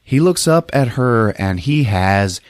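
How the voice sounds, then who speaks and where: A male podcast host giving a comedic, profane movie recap as an animated, laughing storyteller. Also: mid-range voice, slow, no room sound, clean studio sound.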